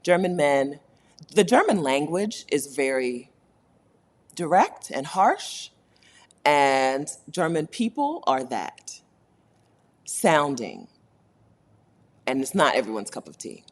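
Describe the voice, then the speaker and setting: A woman's voice: sits low, sing-song, takes it slowly, pauses often. Chatty woman laughing often. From United States. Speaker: host. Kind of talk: casual livestream chat.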